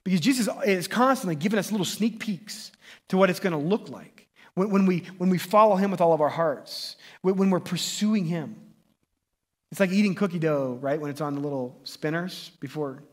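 A man preaching a sermon as pastor, casual and excitable, often restarting and tagging lines with "right?". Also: sits high, normal speed. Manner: conversational, excitable, frequent restarts and "right?" tags.

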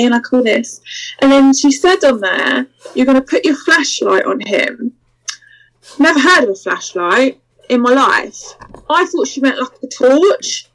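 Guest spot: high-pitched woman, lively and candid, acts out every voice in her anecdotes. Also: measured pace, poor audio. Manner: animated, acts out quoted voices, laughs through the story. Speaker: interview guest. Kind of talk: candid storytelling in a podcast interview.

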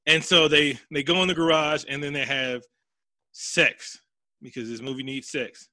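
A man's voice: on the high side, fairly even intonation, moderate pace, sharp tone, dry recording. A man hosting a casual comedy podcast, profanely recapping a movie and acting out the characters' lines.

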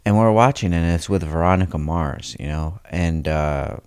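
A man's voice: very deep voice, moderate pace, darkish tone, clean tone, no echo, clean studio sound. A young man co-hosting a podcast, chatting casually and jokingly, often saying "dude". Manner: laid-back, joking, says "dude" a lot. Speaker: podcast co-host. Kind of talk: casual chat.

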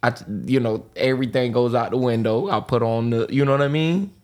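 A man's voice: mid-range voice, a little fast, a little mellow. A man hosting a podcast, bantering and laughing a lot in casual chat. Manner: laughs often, joking banter. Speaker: podcast host.

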